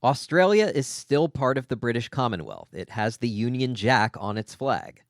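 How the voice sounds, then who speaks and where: A man's voice: mid-range voice, big pitch swings, moderate pace, dry recording, clean studio sound. An American man hosting a casual discussion, asking long, articulate questions. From United States. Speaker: host.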